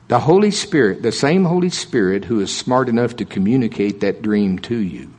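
A man's voice: medium pitch, a little mellow, breathy edge. A man preaching a sermon in a folksy, conversational way, emphatic and full of humorous asides.

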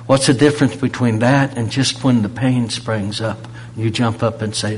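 A man preaching a sermon, pressing rhetorical questions and swinging from loud emphasis to a near-whisper. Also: medium pitch, steady tone, normal speed, few pauses, a little hiss or hum.

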